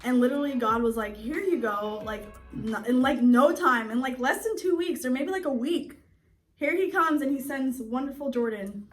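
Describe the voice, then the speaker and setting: A woman's voice: high voice, normal speed, soft background music. A woman in her twenties, chatty and giggly, telling the story of how she met her partner, full of likes and you knows. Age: 20s. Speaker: co-host telling a couple's story. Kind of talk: casual chat. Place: indoors at home in front of a screen.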